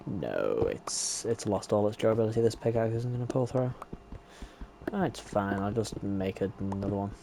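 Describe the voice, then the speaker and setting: Low gravelly man narrating his gameplay. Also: lively intonation, moderate pace, background noise. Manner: chatty running self-talk. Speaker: gameplay streamer. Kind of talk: casual gameplay commentary.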